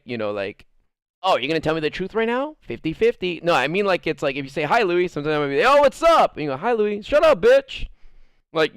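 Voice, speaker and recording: A man's voice: a little high, fairly bright tone, clean tone, no echo, studio quality. A man streaming live, telling rambling stories to his chat and acting out quotes in jumping voices, with a lot of swearing. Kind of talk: casual storytelling to live chat.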